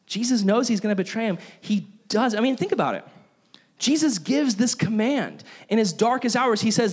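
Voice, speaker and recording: High-voiced pastor telling stories animatedly. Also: male voice, moderate pace, slightly rough. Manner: animated storytelling, acts out characters. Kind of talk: sermon.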